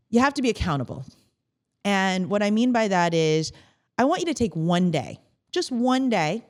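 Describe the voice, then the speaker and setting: Animated woman hosting a podcast, low-pitched. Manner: animated, acts out quoted phrases in a lifted voice. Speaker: podcast host. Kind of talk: motivational podcast talk.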